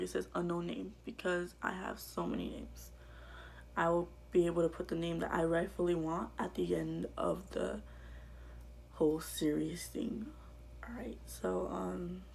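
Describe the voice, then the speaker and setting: A woman vlogger telling her own life story to camera in a halting, quiet way that often drops to a whisper. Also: fairly low pitch, creaky, a little hiss or hum.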